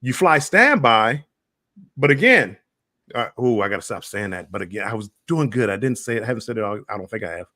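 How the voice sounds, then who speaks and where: A guest from the United States tells travel stories in a casual livestream chat, often repeating words as he gets started. His fairly low voice is expressive and sharp, and he comes across as halting and chuckling. The recording is dry and studio quality.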